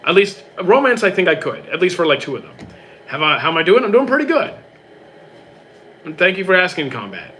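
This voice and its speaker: Quick, bright-voiced young man streamer. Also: high-pitched, very animated, slight background noise. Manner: quick, reads questions aloud then answers briefly. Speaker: streamer answering chat. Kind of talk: casual live-stream chat.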